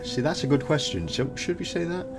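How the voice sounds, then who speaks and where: A man's voice: a little high, sing-song, brisk, over loud music. Chatty man narrating a game playthrough. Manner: chatty, laughs at his own slips. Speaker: gaming video host.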